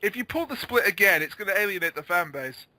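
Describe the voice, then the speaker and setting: A man's voice: sits high, expressive, fast, pushed and bright, no echo, rough recording. A man hosting a casual chat, opinionated and a little stammering. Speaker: host.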